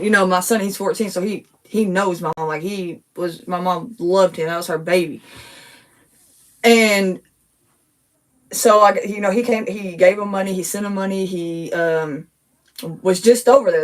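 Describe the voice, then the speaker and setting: A woman in her thirties talking casually to viewers from her home, emotional and quick to get worked up, repeating herself as she talks. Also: mid-range voice, distant mic. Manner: emotional, gets worked up, rapid and repetitive. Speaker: TikTok creator. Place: her home living room.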